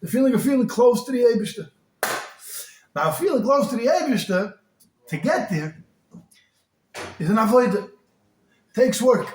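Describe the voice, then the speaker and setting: A rabbi giving an animated sermon that rises to shouts. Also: male voice, very high voice, normal speed, pauses often. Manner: animated, rising to shouts, heavy use of Hebrew and Yiddish terms. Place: synagogue hall. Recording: echoey hall.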